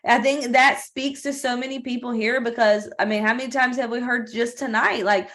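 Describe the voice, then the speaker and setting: A woman hosts a company video call and warmly praises the last speaker. Her voice is a little high, and her manner is effusive and encouraging. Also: steady tone, normal speed, hardly any pauses.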